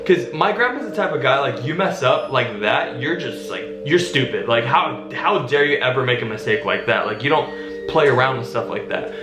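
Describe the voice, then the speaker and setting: A young man in a casual storytime vlog, telling a story in an animated, dramatic way. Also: medium pitch, moderate pace, roomy sound, over music. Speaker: vlogger.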